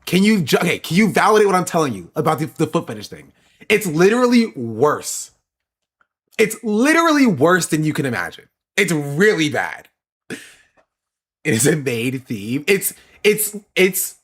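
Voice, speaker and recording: A male streamer talks casually with his chat, answering questions as they come in. His pitch swings widely, and he laughs a lot and repeats himself to drive a point home. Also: breathy edge. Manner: laughs often and repeats phrases for emphasis.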